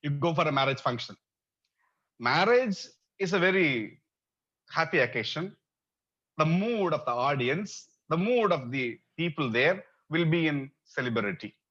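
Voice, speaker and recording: A university lecturer teaches in a slightly high-pitched man's voice. He repeats his phrases, fills pauses with "uh" and keeps asking the class rhetorical questions. The sound is dull and lo-fi, as in a recorded online lecture. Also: expressive, a bit bright.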